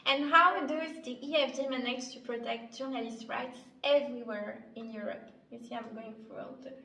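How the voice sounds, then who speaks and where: A woman's voice: on the high side, steady tone, moderate pace, creaky, bright, forceful tone. A woman with a French accent moderating a casual Q&A and reading out questions in a chatty way. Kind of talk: casual panel Q&A. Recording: echoey room from far off, faint noise.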